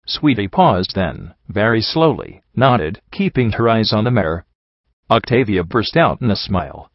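A man narrating a fan story with steady, even storytelling. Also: on the low side, moderate pace, no echo, dull audio. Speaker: story reader.

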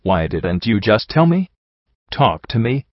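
A man doing a sobbing, scolding young pony mare, low-voiced, close and dry. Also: big pitch swings, unhurried, no room sound, dull audio. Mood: hurt, pleading. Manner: emotional, pleading, sobbing delivery. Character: tearful young female pegasus pony, hurt and scolding.

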